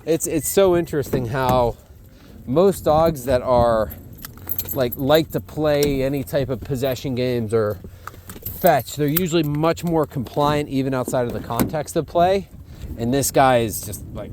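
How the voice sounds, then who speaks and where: A man's voice: mid-range voice, unhurried, darkish tone, a little hiss or hum. A man working as a dog trainer outdoors in a field, talking casually and praising the dog in an upbeat, cheerful voice.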